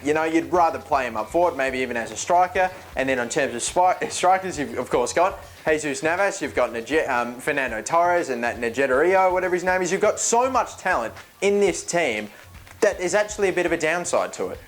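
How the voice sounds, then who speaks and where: A man's voice: a little high, animated, brisk. A man giving casual, joking gaming commentary, chatty and rambling, often correcting himself mid-sentence. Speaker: video game YouTuber.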